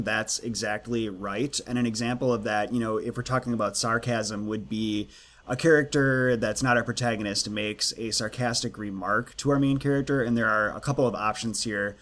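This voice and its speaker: A man co-hosting a casual chat about writing craft, animated and acting out quoted lines with jokey voices. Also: mid-range voice. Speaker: podcast co-host.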